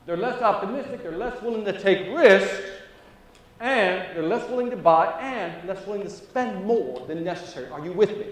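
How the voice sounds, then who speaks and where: A man giving an energetic sales seminar, often quizzing the audience with quick questions. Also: sits high. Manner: energetic, asks the crowd questions. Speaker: sales trainer. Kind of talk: motivational seminar talk. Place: seminar room. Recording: echoey room, far from mic.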